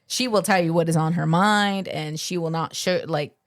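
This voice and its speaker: A woman's voice: on the low side, moderate pace, no echo, studio quality. A woman co-hosting a podcast, telling a story in casual chat, with many fillers and acted-out quotes. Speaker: podcast co-host.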